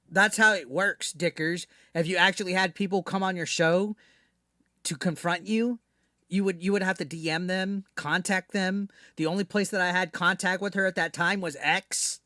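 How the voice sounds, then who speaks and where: A high-pitched man with a bright, forceful voice rants to his live-stream chat. He is brash, profane and mocking, and sounds dry and close on a desk mic. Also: fairly even intonation, normal speed, no room sound.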